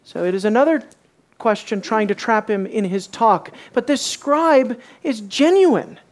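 A woman with a slightly high voice teaches a bible study at an unhurried pace. She's animated, asks her listeners questions, and acts out the quoted lines.

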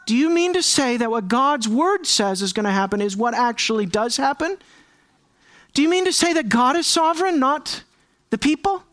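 A pastor preaching a sermon, firing rhetorical questions at the listeners and swinging from raised, high-pitched emphasis down to hushed, near-whispered lines. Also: lively intonation, moderate pace, dry recording. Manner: fires rhetorical questions at the congregation.

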